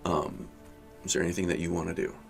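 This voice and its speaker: A man narrating a tabletop game as game master, halting and full of fillers. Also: low voice, fairly even intonation, vocal fry, soft background music.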